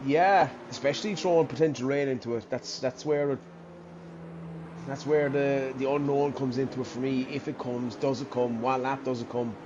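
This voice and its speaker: A man's voice: mid-range voice, fairly even intonation, normal speed, muffled recording, background noise. Man musing through live race commentary. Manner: thinking aloud, many restarts and trailing sentences. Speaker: sim racing commentator.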